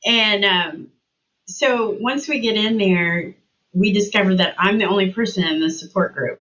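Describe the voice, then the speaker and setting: As an interview guest, a middle-aged woman recounts a personal story, voicing remembered conversations with lively vocal shifts. She has a medium pitch and a moderate pace, and the recording sounds muffled.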